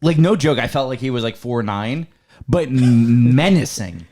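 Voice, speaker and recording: A man's voice: mid-range voice, normal speed. A man co-hosting a podcast, chatting casually about a film and joking around. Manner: animated, joking, laughs often. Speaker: podcast co-host. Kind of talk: casual film review chat.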